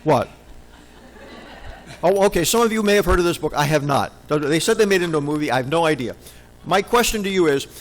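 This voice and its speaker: A man's voice: on the high side, a little hiss or hum, rough recording. A man giving a conference talk in a session room, playful and jokey, often quizzing the audience. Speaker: conference presenter. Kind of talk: humorous conference presentation.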